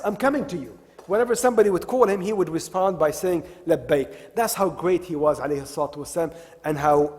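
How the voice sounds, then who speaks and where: A man's voice: high-pitched, darkish tone. A man giving a religious talk at an Islamic center, telling stories and repeating his key phrases for emphasis. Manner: retells stories, repeats key phrases, mixes in Arabic devotional expressions. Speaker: religious lecturer. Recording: long hall reverb.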